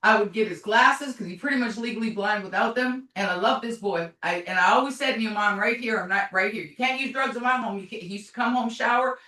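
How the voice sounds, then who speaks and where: A middle-aged woman tells her story as a mother, blunt and forceful, cursing and circling back on her words. Her voice is bright and sharp, on the high side for a woman. It comes from some distance in an echoey room. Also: fast talker, few pauses. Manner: blunt and forceful, swears, repeats herself. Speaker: mother of a recovering addict. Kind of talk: emotional personal testimony.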